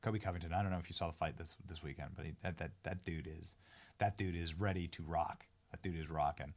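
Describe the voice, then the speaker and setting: A man hosting a live-streamed talk show from a studio, speaking in excitable casual chat and often repeating and restarting his phrases as he hypes guests. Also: sits low, quick pace. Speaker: political talk show host.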